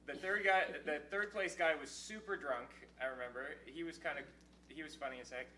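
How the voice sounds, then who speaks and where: A man's voice: a little high, brisk, pushed and bright. A man in his twenties, a podcast co-host, telling a long casual story with many false starts. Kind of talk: casual chat. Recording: distant mic in an echoey room with faint hum.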